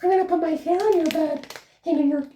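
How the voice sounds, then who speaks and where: A man voicing a creepy, taunting woman who sheds her hair, in a high mocking falsetto. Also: fairly even intonation, quick pace, warm tone, slight background noise. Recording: echoey room.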